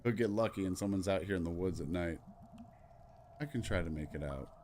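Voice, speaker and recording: A man hosting a let's play, reading every character's lines aloud in turn, quick and offhand. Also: low voice, a little mellow, slight background noise. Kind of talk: reading game dialogue aloud.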